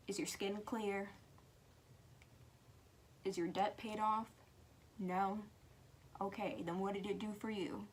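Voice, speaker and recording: A woman's voice: mid-range voice, slight background noise. A teenage girl talking earnestly and frankly to camera as a vlogger, with emphatic stresses and stretches that drop to a whisper. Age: teen.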